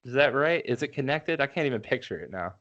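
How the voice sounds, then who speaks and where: A man's voice: mid-range voice, sing-song, fast, a bit bright. Man co-hosting, dull lo-fi sound. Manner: rambling, laughing storyteller. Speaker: podcast co-host. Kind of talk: casual chat.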